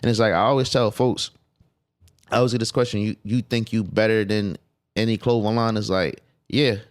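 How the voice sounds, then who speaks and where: A man's voice: fairly low pitch, steady tone, a little fast, clear, resonant tone. A man talking as a guest on a podcast, casual and emphatic, with profane streetwise phrasing. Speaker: clothing designer guest.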